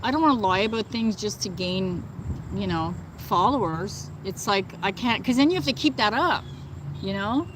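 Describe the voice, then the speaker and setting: A woman's voice: mid-range voice, lively intonation, moderate pace, noisy background. A woman hosting a casual livestream, speaking indignantly and answering viewers, with many fillers such as "like" and "you know". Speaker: livestream host. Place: outdoors, within earshot of birds and thunder.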